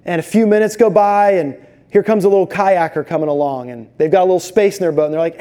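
Man, pastor, sermon, high voice, mellow tone, lively storytelling. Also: brisk. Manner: animated storytelling, acts out voices in quotes.

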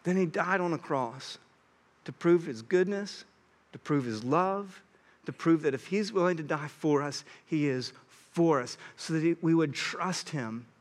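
A young man preaching a sermon, earnest and animated, sometimes acting out what others say. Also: a little high, unhurried. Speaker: pastor.

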